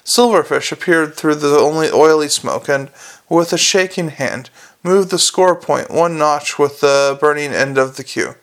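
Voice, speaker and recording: A man narrating an audiobook, with measured storytelling and small slips. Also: fairly high pitch.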